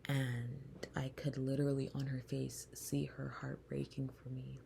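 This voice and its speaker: Woman, podcast host, personal storytelling, flat tone, mellow, dark timbre, soft and reflective. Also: rumbling low, a little hiss or hum. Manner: soft, slow and reflective, often breathy. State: close to tears.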